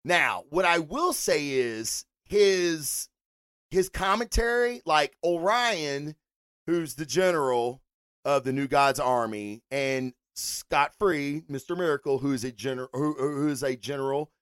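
A man's voice: fairly high pitch, unhurried, smooth, no room sound, studio quality. A man hosting a comic review podcast, rambling casually and swearing often as he talks about books. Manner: rambling, swears a lot, animated. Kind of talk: casual solo review rant.

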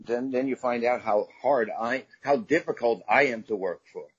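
A man's voice: mid-range voice, normal speed, husky, dry recording. A middle-aged man from Staten Island, a guest comedian telling rambling, profane anecdotes in a casual podcast chat. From Staten Island, New York. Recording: dull lo-fi sound.

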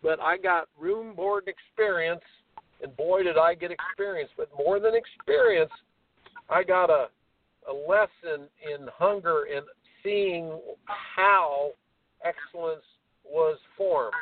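A man in his seventies, a tennis coach, telling a lively story on a radio talk show and acting out the quoted voices. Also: fairly high pitch, slow pace, dry recording. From American Midwest. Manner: animated storyteller, acts out quoted voices, laughs. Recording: tinny phone line, distant.

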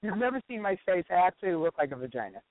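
Brash jokey man with a high voice. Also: big pitch swings, very fast, no echo. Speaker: fill-in co-host. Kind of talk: casual comedy chat. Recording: dry phone-like audio.

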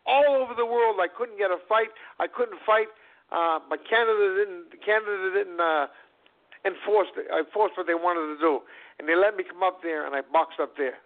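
Ex-boxer guy rambling thru his story, gravelly, bit high, tinny phone-ish radio sound. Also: moderate pace. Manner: rambling, repeats words and restarts, acts out quoted voices. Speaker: former world boxing champion telling his life story. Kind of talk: conversational storytelling interview. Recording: phone-like narrow band radio audio.

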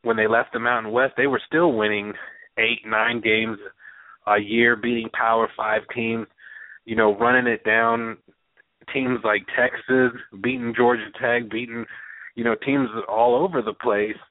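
A man with a mid-range voice chats about college football in a relaxed, unhurried way, repeating words while he thinks. The audio is narrow and phone-like with no echo or room sound, like a caller on a sports talk show in a casual podcast chat.

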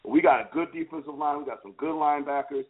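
A man hosting a casual sports talk show, animated and teasing, speaking with emphasis. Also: fairly high pitch, fast talker, vocal fry. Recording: phone-like lo-fi line.

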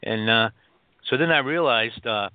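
Halting man on a tinny phone line. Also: mid-range voice, dry recording. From upstate New York. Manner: halting, many restarts and fillers. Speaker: guest author. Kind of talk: telling a personal story on a phone interview.

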